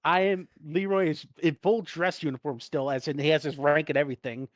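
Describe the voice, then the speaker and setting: A man's voice: on the high side, steady tone, fairly quick, hardly any pauses, no room sound, studio quality. A man playing a tabletop game, talking in a blunt, profane way. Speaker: player. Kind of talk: casual chat during a tabletop game.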